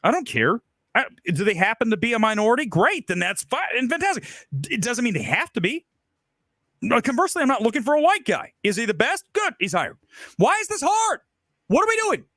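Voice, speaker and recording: A heated middle-aged man rants through a film commentary monologue, firing off repeated rhetorical questions. His voice sits high and swoops widely. The sound is dry and close, with no room around it. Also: big pitch swings, a little fast, pushed and bright, no echo. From Ohio. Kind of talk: ranting monologue.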